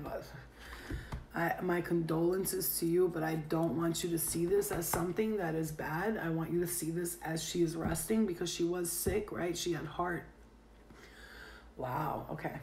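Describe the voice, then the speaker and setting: A tarot reader gives a casual, rambling reading in a low, creaky, slightly mellow voice, leaning heavily on "like" as a filler and chatting away. The room has an echo, and there's slight background noise.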